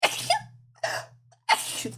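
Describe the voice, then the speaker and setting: A woman livestreams while crocheting, thinking aloud in casual chat, swearing a lot and poking fun at herself. She speaks extremely slowly over a noisy background.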